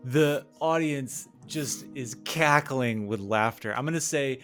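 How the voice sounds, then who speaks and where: A man narrating a tabletop game as game master, telling the scene slowly. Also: medium pitch, fairly bright tone, soft background music. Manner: slow, storytelling narration.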